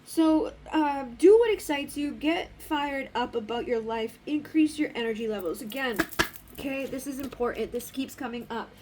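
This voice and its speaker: High-voiced woman, blunt and rambling. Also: lively intonation, moderate pace, darkish tone, a little hiss or hum. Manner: rambling, blunt, swears freely. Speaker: spiritual card reader. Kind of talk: casual oracle card reading.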